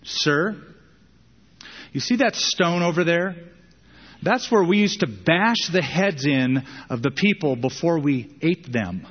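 A man voicing an old tribal chief in a sermon story, speaking slowly and emphatically with his pitch raised. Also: lively intonation, breathy edge, long reverb tail, lo-fi sound, exaggerated voice. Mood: stern. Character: old tribal chief, calm, stern, proud.

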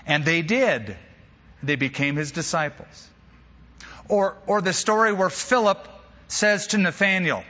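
A man preaching with a lively, bright voice that rises a little high, slightly husky at the edges. He tells stories with playful asides. The sound is dull and lo-fi, with a long hall reverb. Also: measured pace. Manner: animated storyteller with humorous asides. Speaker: pastor. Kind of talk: sermon.

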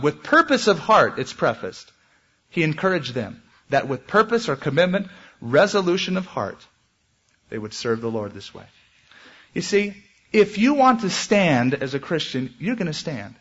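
A man preaching a sermon as pastor, with animated delivery and dramatic swings in pitch. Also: breathy edge, lo-fi sound.

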